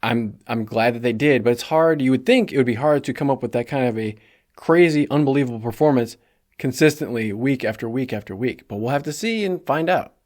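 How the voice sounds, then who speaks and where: A man's voice: medium pitch, brisk, a little mellow. A man hosting a solo sports preview podcast, talking casually and chattily with joking asides. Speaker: podcast host.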